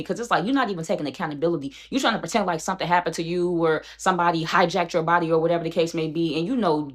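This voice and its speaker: Brief: a young woman vlogger with a lowish voice, animated storytime delivery. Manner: animated, addresses viewers as "y'all". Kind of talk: storytime vlog.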